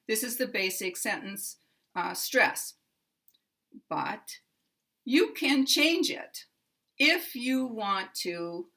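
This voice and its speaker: An American woman teaching English pronunciation, explaining slowly and modeling example sentences with careful stress. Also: mid-range voice, sharp tone. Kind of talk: slow, clear instructional explanation.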